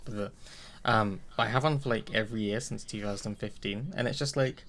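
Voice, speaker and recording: A man co-hosting a casual podcast chat, relaxed and agreeable as he tells his side. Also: lowish voice, normal speed. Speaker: podcast co-host.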